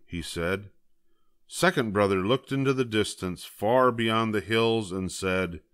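An older man reads a picture book aloud in a low voice. His delivery is measured and gentle, and the recording is dry and close. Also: smooth, no echo. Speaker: storybook reader.

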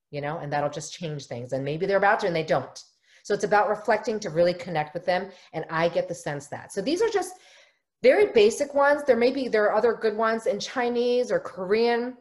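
A woman's voice: mid-range voice, expressive, quick pace. A middle-aged woman, a family therapist, leading a workshop for parents and often acting out what parents and children say in quoted lines. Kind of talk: live online workshop talk.

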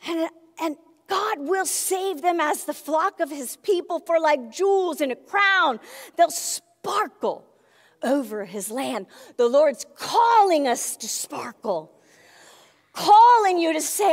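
A woman's voice: high voice, expressive, slow, in a large hall. A woman in her forties preaching a sermon, emphatic and emotional, often exclaiming. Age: 40s. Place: church sanctuary.

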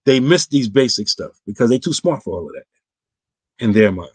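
A man's voice: mid-range voice, sing-song, a little fast, slightly rough, no echo. Man, imam, emphatic, casual clipped speech, dry close sound. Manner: emphatic, voice climbs when stressing a point; casual, clipped everyday grammar. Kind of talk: online roundtable talk answering viewer questions.

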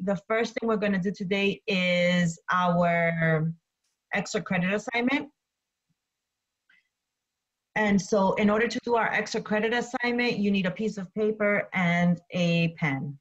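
A woman teacher giving an online English lesson, slowly repeating instructions and then reading a story aloud. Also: medium pitch, dull audio. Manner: slow, deliberate, repeats instructions.

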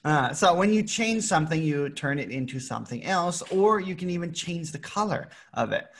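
Lively American man teaching children. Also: on the high side, normal speed, a little hiss or hum. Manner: playful, animated, with sound effects. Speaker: English teacher.

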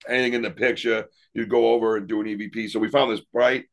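Rambling man telling ghost stories, low voice. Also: fast, creaky. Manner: rambling, animated, laughs often. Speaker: paranormal investigator and podcast guest. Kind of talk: casual interview storytelling.

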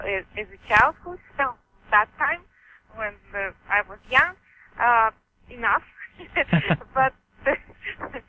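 A woman with a Russian accent, answering interview questions in halting English with many pauses and frequent laughs. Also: high-pitched, narrow, tinny audio, a little hiss or hum. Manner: hesitant, halting, laughs often. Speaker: author guest.

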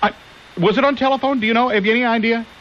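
A man's voice: very high-pitched, fairly even intonation, racing. A man hosting a conservative call-in talk radio show who rambles and keeps asking listeners rhetorical questions. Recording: hissy lo-fi 1990s AM radio.

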